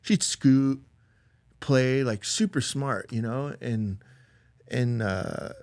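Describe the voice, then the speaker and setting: A man with a mid-range voice and a darkish tone speaks slowly, recorded in a clean studio with no echo. As a podcast guest, he tells a personal story in a loose, rambling way, leaning heavily on "like" and "dude," and raises his voice to act out quoted lines.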